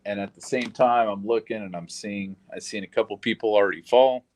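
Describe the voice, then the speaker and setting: A man with a somewhat low voice recounts events in a recorded witness interview. He speaks bluntly and plainly, and he swears now and then. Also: fairly quick, darkish tone, slight background noise, rough recording. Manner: blunt, plain-spoken retelling with occasional swearing. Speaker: shooting survivor giving a statement.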